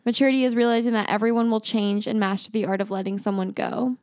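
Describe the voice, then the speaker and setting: A woman's voice: fairly high pitch, little pitch movement, fast talker, darkish tone, no echo, clean studio sound. A woman in casual podcast chat, reading answers aloud and commenting, laughing often.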